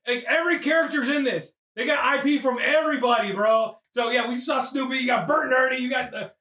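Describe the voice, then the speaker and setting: A man doing a loud, profane, excitable comedic movie recap as podcast host, often breaking into shouts. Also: extremely high pitch, quick pace, roomy sound.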